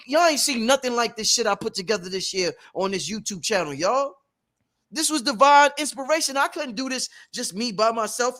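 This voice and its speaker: High-voiced emphatic preachy man. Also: a bit bright. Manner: emphatic, preachy, profane street talk. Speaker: host. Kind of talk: motivational workshop talk.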